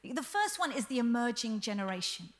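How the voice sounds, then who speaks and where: A woman pastor preaching a sermon in a lively, earnest way with touches of humor. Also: a little high, a little fast. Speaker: senior pastor.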